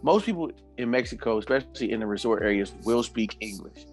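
A man telling a story in casual podcast chat, animated and laughing, acting out the people he quotes and swearing freely. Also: on the low side, fairly quick, faint music behind.

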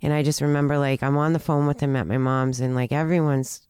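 Woman, earnest and halting, smooth resonant voice, dry close sound. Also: sits low, steady tone, a little mellow, no echo. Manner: halting, many restarts and fillers, earnest. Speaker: guest telling her recovery story. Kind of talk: personal storytelling in conversation.

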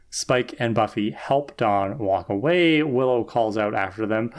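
Wry man recapping a show. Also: on the low side. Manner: wry, quick plot retelling. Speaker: podcast co-host. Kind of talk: casual recap chat.

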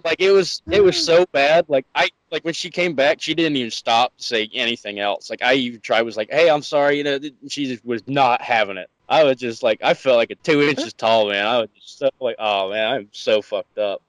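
A man's voice: mid-range voice, brisk, hardly any pauses, no echo, low-quality recording. A man telling a crude, embarrassing story on a casual podcast, his voice climbing as he gets worked up. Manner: animated, crude, voice climbs when excited.

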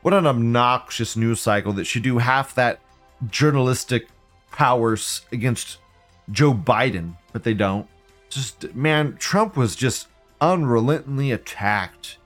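A male livestream host reads chat messages aloud and fires back with blunt, profanity-laced rants. His voice sits at an ordinary middle pitch. Faint music plays quietly behind him. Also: a little slow. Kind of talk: ranting commentary reading viewer chat.

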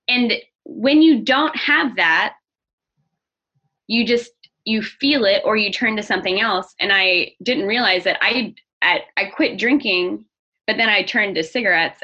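A young woman with a bright, somewhat husky voice talks earnestly and openly in a personal conversation. She grows animated when she talks about anger. The recording sounds dull and lo-fi. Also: medium pitch. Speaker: guest. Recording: dull lo-fi audio.

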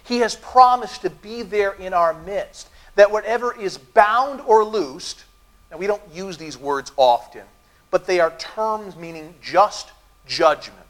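A middle-aged male pastor preaching to his congregation in a church. His voice sits high for a man and swings widely in pitch, rising and falling with emphasis as he tells stories and puts questions to the room. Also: measured pace. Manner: lively storytelling with audience asides. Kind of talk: sermon. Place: church sanctuary.

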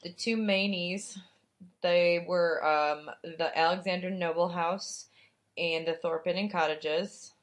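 A young woman co-hosting a podcast, with a slightly low voice and a loose, rambling way of talking. She swears freely and fills her talk with fillers and quick laughs. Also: steady tone. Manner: chatty, profane, lots of fillers and laughs. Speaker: podcast co-host. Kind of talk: casual chat.

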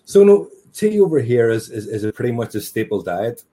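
A man's voice: medium pitch, very animated, a little fast, dark tone. A man who runs a tea business, chatting as a guest in a casual interview and telling stories with jokes at his own expense. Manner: joking, self-deprecating storyteller.

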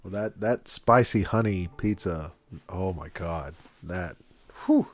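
A man's voice: low voice, takes it slowly. A man co-hosting a podcast, casual chat, telling stories with lots of fillers and restarts. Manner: rambling storyteller with many fillers and restarts. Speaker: podcast co-host.

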